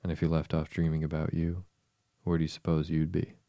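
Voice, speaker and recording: A smug, contemptuous little twin, as a man reads him in a storybook. The voice is very low and flat. It has a dark, gravelly quality. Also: fairly quick, dry recording. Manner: smug, contrary.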